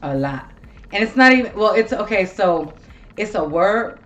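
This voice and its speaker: Seorang wanita paruh baya yang mengobrol santai dan bertele-tele sebagai pembawa acara podcast, sering mengumpat dengan gaya yang hidup. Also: female voice, medium pitch, normal speed. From Ohio. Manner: swears a lot, rambling and animated. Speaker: podcast host. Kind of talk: casual chat.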